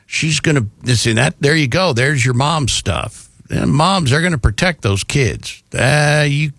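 A man hosting a talk show, telling news stories in a casual, animated way with jokey asides. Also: on the high side, dry recording, clean studio sound. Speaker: radio show host.

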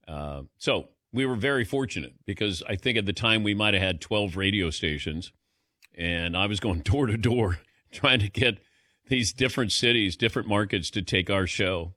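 A man's voice: lowish voice, bright, forceful tone, dry recording, clean studio sound. A man hosting a sports radio talk show, easygoing and jokey. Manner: easygoing, jokey, quick to laugh. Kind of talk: casual sports radio chat.

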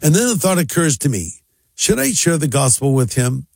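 Over faint background music, a pastor tells an animated story, voicing both parties in a dialogue. His voice is fairly high, creaky and husky, at normal speed, and the recording has no room sound.

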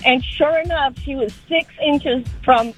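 A woman's voice: high voice, unhurried, over music, rough recording. A woman calling in to a radio show, telling a dramatic true story in an earnest way. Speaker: caller.

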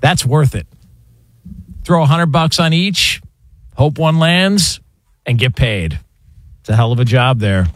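Male radio host, mid-range voice, smooth broadcast reads, dry studio. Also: mid-range voice, lively intonation, a little slow, pauses often, no room sound. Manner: smooth broadcast delivery, reads sponsor and affiliate notes. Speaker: sports radio show host. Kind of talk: radio hosting with reads and announcements.

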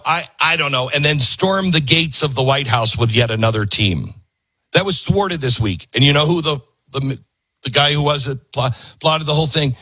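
A man's voice: a little high, sharp tone, breathy edge, no room sound. A man hosting a political commentary show, talking in a sarcastic, mocking way with lots of asides.

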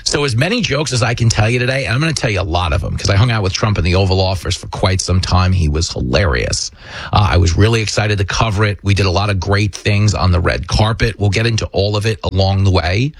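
Husky-voiced man hosting political commentary. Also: lowish voice, fast talker, no room sound. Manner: emphatic, sarcastic. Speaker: show host.

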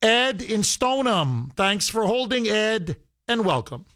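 Male radio host with a high-set voice; combative, emphatic monologue with lots of restarts, taken dry off a studio mic. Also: sing-song, a little slow, fairly bright tone, no room sound. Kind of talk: opinionated talk radio monologue. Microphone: studio microphone.

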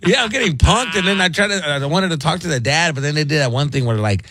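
A man's voice: a little high, lively intonation, quick pace, pushed and bright, slight background noise. A man calling in to a radio show and telling a story in a rambling, casual way, with many fillers and some laughter. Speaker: radio caller.

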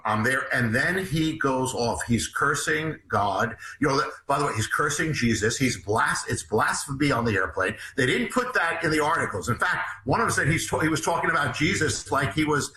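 A man, an author and guest, telling a long story in an interview, halting and animated with many restarts. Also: medium pitch, roomy sound, slight background noise, low-quality recording.

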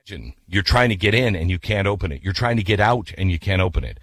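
A radio host man telling an animated story in a chatty way, then reading ads. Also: low-pitched, fast talker, no echo. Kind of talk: storytelling and ad reads.

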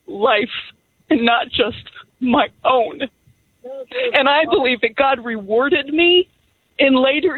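A woman calling in to a radio talk show, firm and heartfelt, speaking deliberately. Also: sits high, husky, no echo. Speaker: caller. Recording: tinny phone line.

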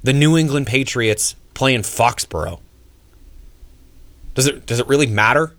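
An emphatic man hosts a sports talk radio show, pressing his argument and jumping up in pitch when he pushes back. His voice sits mid-range and is recorded dry and close, with no room sound around it. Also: a little slow, a bit bright, dry recording.

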